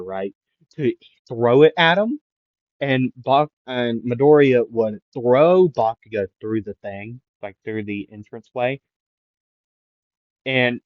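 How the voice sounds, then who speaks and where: A man making up an anime fan-fiction story out loud, rambling with lots of fillers and self-corrections. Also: lowish voice, no room sound. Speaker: anime YouTuber. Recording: dull lo-fi dry mic.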